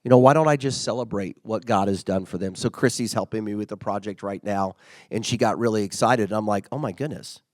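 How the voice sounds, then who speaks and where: A man's voice: lowish voice, fairly quick, dry recording. A middle-aged man giving a casual, conversational motivational talk as a workplace leader. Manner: conversational, acts out quoted remarks.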